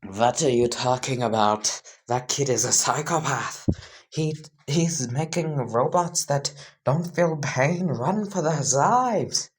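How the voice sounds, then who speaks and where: A woman's voice: a bass voice, sing-song, unhurried, few pauses, darkish tone, heavily acted. A woman voicing an exasperated male hero teacher who rants in disbelief. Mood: incredulous. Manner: incredulous, ranting.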